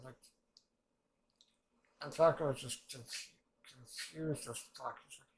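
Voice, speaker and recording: A man's voice: mid-range voice, takes it slowly, gravelly, pauses often, poor audio. A man giving loose, rambling commentary as he reacts to an anime episode, swearing often and jumping between thoughts. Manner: rambling, excitable, swears a lot. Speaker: reaction channel host.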